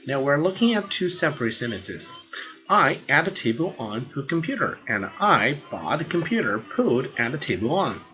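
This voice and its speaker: Earnest man explaining grammar, lively pitch. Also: moderate pace. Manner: earnest, repeats words while explaining. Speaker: language teacher. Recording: dull lo-fi sound with faint background music.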